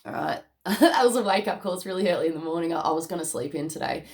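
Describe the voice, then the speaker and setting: A woman's voice: fairly low pitch, lively intonation, fast. A woman giving a casual, emotional tarot reading to camera, chatty and often laughing. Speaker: tarot card reader.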